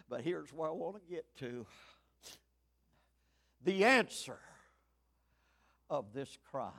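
A man in his seventies preaching a fiery sermon, swinging from shouts to hushed tones. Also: fairly high pitch, expressive, takes it slowly, gravelly, long pauses. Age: 70s.

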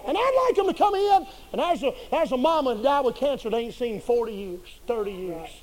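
A man preaching a sermon in a folksy, humorous and colloquial way, swinging between quiet asides and loud bursts. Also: extremely high pitch, sing-song, a little fast, a little hiss or hum, low-quality recording.

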